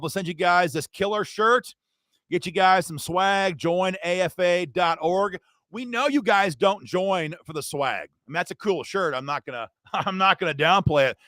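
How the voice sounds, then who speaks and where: A man's voice: high-pitched, a bit bright, no room sound. A man hosting an advocacy livestream, indignant and fired up, talking straight to his viewers. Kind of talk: impassioned political livestream rant.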